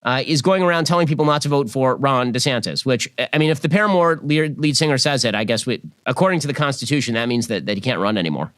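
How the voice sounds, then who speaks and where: A man in his thirties delivers scripted political commentary with a sarcastic, mocking edge. His pitch swings widely from phrase to phrase, and the sound is dry and close, with no room around it. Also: lively intonation, fast, few pauses, a bit bright, no room sound. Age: 30s.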